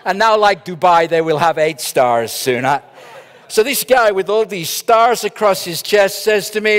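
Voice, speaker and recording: A man's voice: a little high, lively intonation, a little slow, a bit bright. A middle-aged man giving a humorous conference keynote, telling stories that build to punchlines. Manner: joking, storytelling with punchlines. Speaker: keynote speaker. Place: large conference hall. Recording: long reverb of a large hall.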